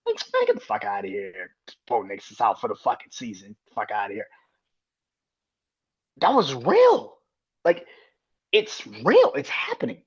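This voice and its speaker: Husky, animated man ranting about sports. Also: medium pitch, measured pace, pauses often, dull audio. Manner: animated, profane, exasperated. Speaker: podcast host. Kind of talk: solo sports commentary rant.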